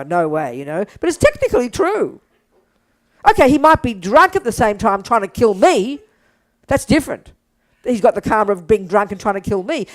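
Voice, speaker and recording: Animated older woman teaching. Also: fairly high pitch. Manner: animated, blunt, acts out quotes, laughs. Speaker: Buddhist teacher. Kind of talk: lively teaching to an audience.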